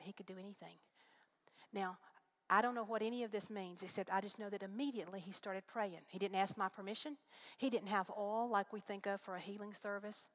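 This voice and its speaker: A middle-aged woman giving a heartfelt personal faith testimony to a live audience, telling her story in an earnest, storytelling way. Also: mid-range voice.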